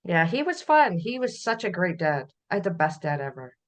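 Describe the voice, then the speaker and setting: A middle-aged Canadian woman, a podcast guest, telling family memories in a relaxed conversational way, often laughing as she recalls. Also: fairly low pitch, normal speed. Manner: warm storytelling, laughs while recalling. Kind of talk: conversational interview.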